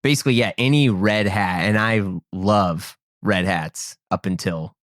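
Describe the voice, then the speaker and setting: A man hosting a podcast interview, easygoing and quick to laugh along. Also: lowish voice, a bit bright, no echo, studio quality. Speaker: podcast host. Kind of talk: casual interview chat.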